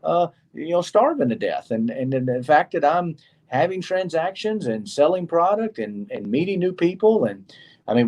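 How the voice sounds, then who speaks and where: A middle-aged man co-hosts a relaxed chat and tells stories with lively swings in his voice. He acts out the people he quotes, and his voice sits a little higher than most men's. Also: normal speed. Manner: animated storyteller acting out quoted people. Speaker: co-host. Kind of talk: casual show chat.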